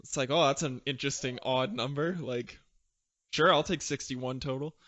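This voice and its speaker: A man's voice: mid-range voice, normal speed, a bit bright. A man hosting a podcast in casual chat, with dry jokes. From Canada. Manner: dry, joking. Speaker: podcast host. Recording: dull dry podcast audio.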